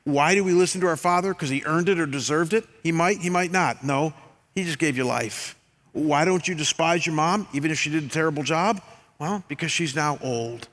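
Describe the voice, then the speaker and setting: An older man, a pastor preaching a sermon, telling stories with self-deprecating humor and swinging between loud bursts and quiet, earnest stretches. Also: a little high, fairly quick. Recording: long hall reverb.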